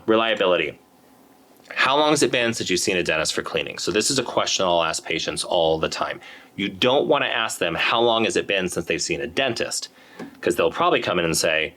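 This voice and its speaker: An endodontist educator gives a casual, conversational lecture presentation to fellow dentists, occasionally acting out what patients say. His voice sits low with a fairly bright tone.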